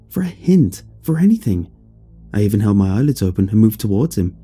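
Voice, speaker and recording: Husky, dark-voiced man narrating horror. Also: on the low side. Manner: dramatic, expressive storytelling. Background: faint music.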